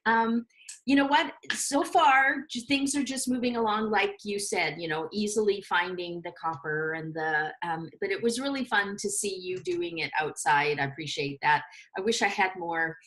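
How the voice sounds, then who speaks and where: A woman in a class, chatting in a relaxed way over a video call. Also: medium pitch, normal speed. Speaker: class participant. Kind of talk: casual group video call.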